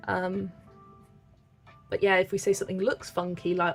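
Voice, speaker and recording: Chatty young Wiltshire woman, gravelly edge. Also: medium pitch, expressive, moderate pace, pauses often, soft background music. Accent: West Country English, light. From Wiltshire, England. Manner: chatty, laughs often, reads chat aloud. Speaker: colouring channel host. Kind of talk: casual livestream chat while colouring.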